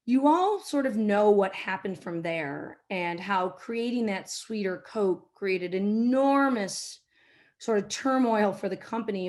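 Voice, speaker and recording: A middle-aged woman, a marketing executive, giving a business talk and telling an anecdote, now and then acting out quotes in a softer voice. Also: medium pitch. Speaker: keynote speaker, marketing executive.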